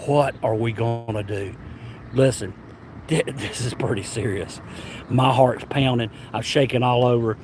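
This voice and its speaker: A Southern US man spins a travel tale for his vlog, rambling and stumbling over his words as he goes. His voice sits at an ordinary middle pitch, with faint vehicle noise humming behind him. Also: unhurried. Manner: animated, rambling, stammering restarts. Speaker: travel vlogger. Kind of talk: casual storytelling.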